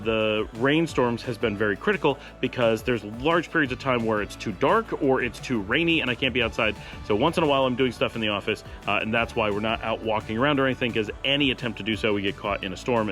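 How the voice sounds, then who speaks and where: A man's voice: mid-range voice, fairly bright tone. Chatty man vlogging, dry asides. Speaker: vlogger answering viewer questions. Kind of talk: casual talking-to-camera vlog. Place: home office indoors.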